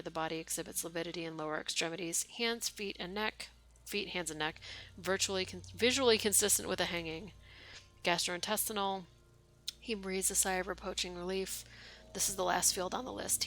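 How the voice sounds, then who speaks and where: A woman streamer at home reads a game's lines aloud in a deadpan voice and breaks off for wry, swearing asides. Her voice is bright and forceful, pitched a little low. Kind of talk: reading game text aloud with casual commentary.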